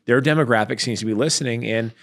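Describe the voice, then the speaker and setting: A middle-aged man, an entrepreneur guest in a casual business interview, talking in an animated way and acting out the exchanges he describes. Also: medium pitch, quick pace. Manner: animated storyteller, acts out quoted exchanges.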